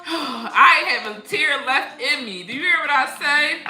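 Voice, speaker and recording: A woman speaking at a moderate pace in a high voice leads a spiritual livestream full of casual conversation, stories, and frequent laughter. She comes across as an animated storyteller, and the echoey space carries faint music.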